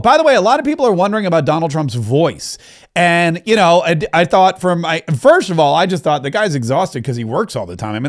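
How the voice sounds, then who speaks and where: A man hosting a political commentary show in an animated, chatty way, often repeating phrases. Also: on the high side.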